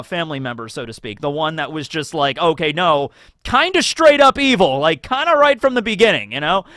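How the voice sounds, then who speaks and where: A man's voice: on the high side, fairly bright tone, dry recording. A man hosting a casual theory video, talking animatedly with lots of fillers. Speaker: anime theory video host. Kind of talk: casual commentary monologue.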